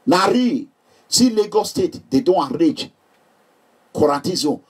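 A middle-aged Nigerian vlogger with a fairly high, breathy-edged voice chats casually with his viewers at a measured pace. He's animated and joking, laughing often, and his voice sounds distant from the mic.

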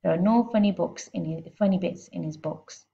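A woman's voice: lowish voice, normal speed, creaky, mellow. A woman voicing a small, clever, polite girl who speaks in an earnest, precise way, heard on a slightly muffled lo-fi recording.

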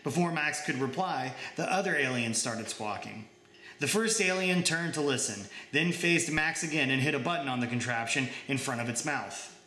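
A young man reading his own short story aloud in even, plain narration. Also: medium pitch, moderate pace, roomy sound, a little hiss or hum. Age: young adult.

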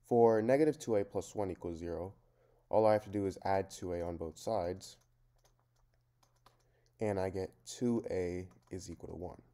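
A man's voice: deep voice, moderate pace, long pauses, warm tone. A man teaching a math lesson, talking through each step in a plain, methodical way. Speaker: math tutor.

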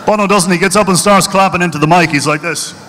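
A man's voice: high voice, fast, a bit bright, big-room sound, a little hiss or hum. A middle-aged Irishman doing live stand-up on stage, punchy and mocking as he tells his stories. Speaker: stand-up comedian. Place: stage at a charity event hall.

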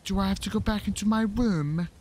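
A gaming channel host with a high, monotone voice talks rapid-fire while playing a horror game. His commentary is crude, profane and joking, and he talks to himself with silly, mocking asides.

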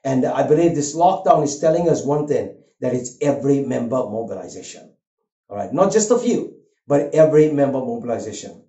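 An older man preaching a sermon, an earnest and animated storyteller who weaves a personal story into his message. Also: medium pitch, a little fast. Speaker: pastor. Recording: roomy, dull lo-fi sound.

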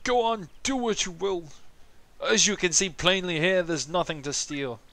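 A man's voice: high voice, normal speed, fairly bright tone, no echo, voice pushed up. A man voicing a very old, senile male turtle mayor in a video game, grumbling and snappish. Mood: cranky.

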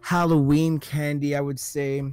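A man's voice: a little high, level tone, unhurried, a little mellow, clear, resonant tone, dry recording, faint music behind. A man co-hosting a podcast in casual chat, often hesitating and searching for words. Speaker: podcast co-host. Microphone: own microphone.

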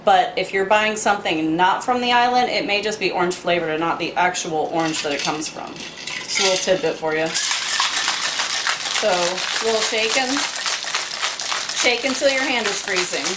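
Woman, home cooking vlogger, casual and chatty, mid-pitched, roomy kitchen echo. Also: moderate pace, heavy background noise. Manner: bubbly, chatty, playful asides. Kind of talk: casual kitchen demo chat.

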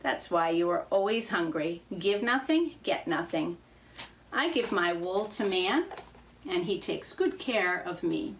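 A woman's voice: on the low side, lively intonation, measured pace, slight background noise. A woman voicing a self-satisfied sheep in a storybook fable, sounding preachy. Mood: smug. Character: smug wool-giving sheep.

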